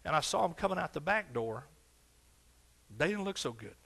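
Older East Texas man, pastor in the pulpit, fervent and folksy, slightly high voice. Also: very animated, normal speed, gravelly, a bit bright, slightly rough. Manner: fervent, exclaiming, folksy storytelling. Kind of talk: sermon.

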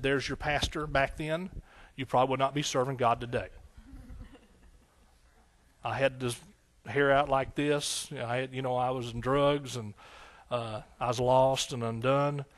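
In a mid-range voice, a middle-aged pastor offers an emotional sermon testimony that moves back and forth between hushed, tearful moments and loud exclamations.

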